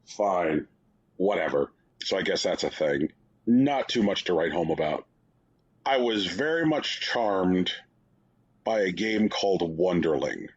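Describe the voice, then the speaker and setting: Male podcast co-host, low and husky, dry wry rambler, lo-fi dull mic. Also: big pitch swings, a little slow. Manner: rambling, wry, heavy use of "like". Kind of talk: casual game review chat.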